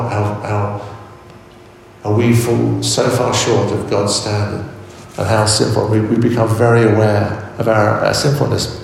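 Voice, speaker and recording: A man preaching a sermon in a measured way, often repeating words as he searches for the next phrase. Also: lowish voice, gravelly, a little hiss or hum. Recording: echoey hall, voice from far off.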